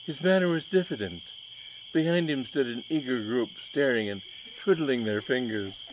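A man reading a comic story aloud in a measured, wry narrating voice. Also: medium pitch, slight background noise, rough recording.

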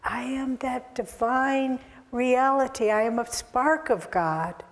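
A woman's voice: high-pitched, takes it slowly. A woman spiritual teacher giving an earnest, exhortative sermon, recorded with long hall reverb.

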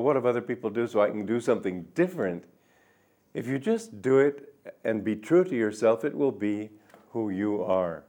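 An older man giving a reflective spiritual talk, speaking gently and musingly, with soft drawn-out endings. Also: mid-range voice. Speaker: spiritual teacher.

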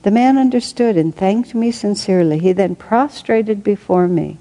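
A woman reading aloud from a spiritual book and adding her own reflective commentary, thinking aloud with soft laughs. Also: medium pitch, moderate pace, poor audio.

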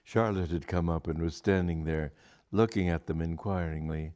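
A man's voice: low-pitched, fairly even intonation, normal speed, a little mellow, lo-fi sound. A man reading a comic story aloud to an audience, with a dry, wry delivery.

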